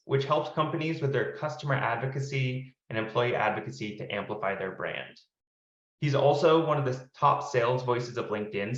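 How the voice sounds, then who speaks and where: Roomy, dull-sounding man hosting a webinar. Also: medium pitch. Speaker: host, product marketer. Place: home office.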